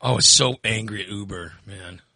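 A man's voice: lowish voice, moderate pace, gravelly, pushed and bright, dry recording, clean studio sound. A man casually telling a long story in a chat, acting out the voices of people he met and swearing freely.

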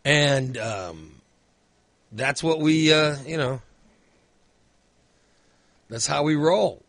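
Lively, high-voiced rambling man. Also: drawn-out words, gravelly, no room sound. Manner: rambling, filler-heavy storytelling with frequent restarts. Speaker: storyteller in a conversation. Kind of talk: casual chat. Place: indoors at a computer.

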